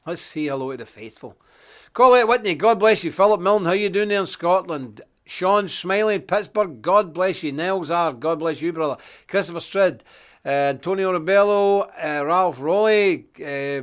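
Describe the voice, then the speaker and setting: A man presenting a daily live stream, chatting casually, greeting viewers one by one and reading scripture with preachy emphasis. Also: high voice. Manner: chatty, self-deprecating, greets viewers one after another.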